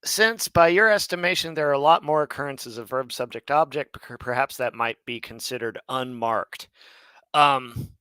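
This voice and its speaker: A man's voice: mid-range voice, normal speed, sharp tone, clean tone, no echo. A man hosting a live online Hebrew lesson. He thinks aloud and corrects himself mid-sentence.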